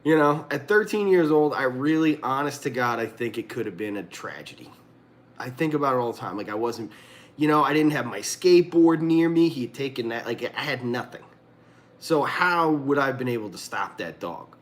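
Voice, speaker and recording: A young man hosting a livestream, telling a story in a casual, animated way, laughing often and acting out what people said. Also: mid-range voice, normal speed. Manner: animated, laughing often, acts out quoted lines. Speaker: livestream host.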